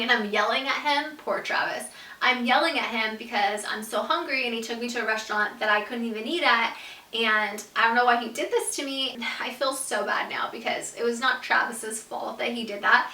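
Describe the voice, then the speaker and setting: Young woman vlogger, bright slightly high voice, chatty storyteller, roomy echo, a bit off-mic. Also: moderate pace, far from the mic. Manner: animated, swearing, lots of "like", laughs through story. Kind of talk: storytime vlog.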